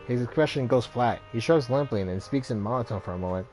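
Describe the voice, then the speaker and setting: A man's voice: medium pitch, quick pace, hardly any pauses, darkish tone. A man hosting a let's play, reading the game's narration aloud. He often stumbles and corrects himself mid-sentence. Faint music plays in the background. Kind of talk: reading game text aloud.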